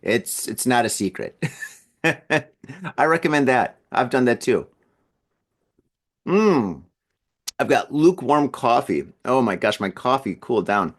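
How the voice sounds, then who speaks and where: At home in an apartment building, a male podcast host delivers a casual solo monologue in an expressive mid-range voice. He talks slowly with frequent pauses, rambling from thought to thought, repeating words, and chuckling often.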